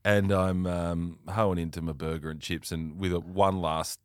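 A man's voice: sits low, little pitch movement, a little slow, dry recording. An Australian man co-hosting a podcast, telling a rambling, self-mocking story with plenty of swearing in a studio. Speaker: podcast co-host. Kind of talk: casual storytelling chat.

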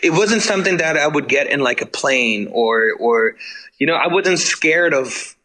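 A man's voice: on the high side, lively intonation, normal speed, sharp tone, low-quality recording. A man, a touring band musician telling road stories as a guest in a casual interview, rambling with lots of fillers and the odd swear. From Germany.

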